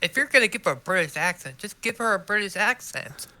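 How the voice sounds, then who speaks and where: A co-host joining a gaming stream and chiming in with quick, animated objections in casual chat. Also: medium pitch.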